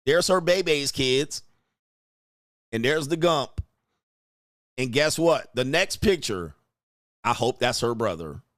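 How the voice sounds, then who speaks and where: A man with a medium-pitched, expressive, slightly bright voice hosts crude, mocking reaction commentary, laughing and sneering at the online clips he reads out. He speaks slowly with long pauses, in a dry, studio-quality recording.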